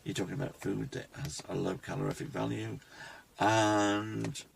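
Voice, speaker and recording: A man, talking reflectively to his phone camera in a rambling personal vlog, pausing and restarting often. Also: lowish voice, flat delivery, creaky, slight background noise. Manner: reflective, halting, with many restarts. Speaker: vlogger.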